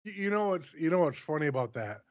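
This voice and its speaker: A man's voice: on the high side, sing-song, fast, a little mellow, dry recording. Guy co-host, wry dry comments, mid voice, bit muffled dry mic. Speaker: podcast co-host. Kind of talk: casual wrestling review chat.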